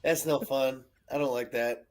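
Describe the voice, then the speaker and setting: A man's voice: fairly even intonation, normal speed, music in the background. A man co-hosting a live podcast, teasing and crude in casual banter. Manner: crude, teasing, swings up and down in pitch. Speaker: podcast co-host. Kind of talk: casual live show chat.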